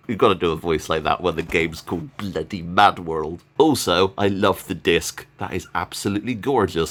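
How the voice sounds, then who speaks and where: A man's voice: sits low, moderate pace, few pauses, a bit bright. A man talking casually in a vlog as he shows off a haul of games, chatty and enthusiastic, and he laughs often. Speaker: gaming YouTuber.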